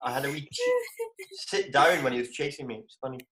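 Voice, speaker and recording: A Scottish man chatting animatedly as a comedian guest on a video call, breaking into high exclamations. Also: quick pace, pushed and bright, reverberant. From Scotland. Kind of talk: casual video call chat.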